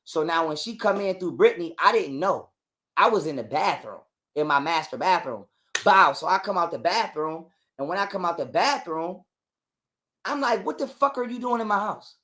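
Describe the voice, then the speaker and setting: A man telling a long story in a casual interview, animated and full of cursing and repetition. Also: fairly high pitch, moderate pace. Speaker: guest telling his story.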